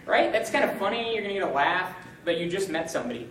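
A young man giving an informal, joking teaching talk to a college group, upbeat and animated. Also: high voice, quick pace, recorded from a distance. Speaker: campus ministry speaker. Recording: roomy, from the mic, faint hum.

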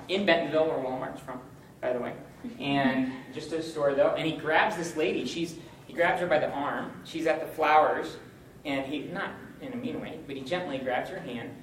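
A young man gives a lively, joking teaching talk to a college group. His voice sits a little high and comes from some distance off the mic. The room is echoey with a faint background hum. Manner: upbeat, joking, animated. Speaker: campus ministry speaker.

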